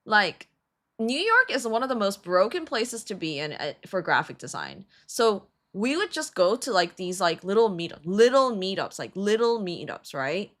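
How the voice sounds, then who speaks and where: A woman's voice: medium pitch, normal speed. A woman streamer co-hosting with her husband, telling a story in casual chat, laughing and swearing freely. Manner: animated, laughing, swears freely, many fillers.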